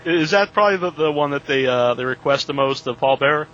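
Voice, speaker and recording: A man's voice: a little high, quick pace, a bit bright, highs cut off, a little hiss or hum. A man hosting an interview podcast, asking eager questions and laughing often. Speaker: host.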